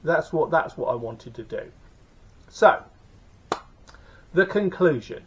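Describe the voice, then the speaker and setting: Bloke rambling about his bike tour, ums and restarts everywhere, kinda husky, muffled lo-fi sound. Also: fairly high pitch, lively intonation, slow. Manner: rambling, many fillers and restarts. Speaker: motorcycle tour vlogger. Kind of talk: casual spoken recap. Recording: dull lo-fi recording.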